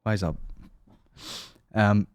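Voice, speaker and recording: A man's voice: lowish voice, extremely slow, a little mellow, smooth, dry recording. A man hosting a comedy podcast, rambling and swearing as he jokes. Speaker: podcast host. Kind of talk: casual comedy banter.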